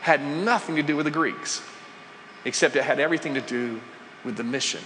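A male pastor preaching a sermon, moving between hushed asides and emphatic rises. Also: fairly high pitch, fairly quick, slight background noise. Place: church sanctuary. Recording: long reverb, faint ambience.

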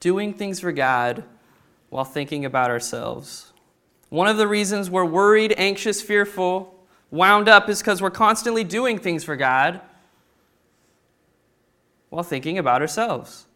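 Guy preaching a sermon, kinda high smooth voice, gets loud acting out the story bits. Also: unhurried, pauses often. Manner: animated preaching, acting out the people of the story with sudden loud bursts. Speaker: pastor.

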